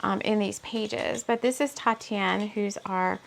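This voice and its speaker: A woman's voice: medium pitch, fairly even intonation, unhurried, gravelly, a little hiss or hum. A woman who is an author doing an intuitive spiritual reading, thinking aloud with many asides while she reads from her book.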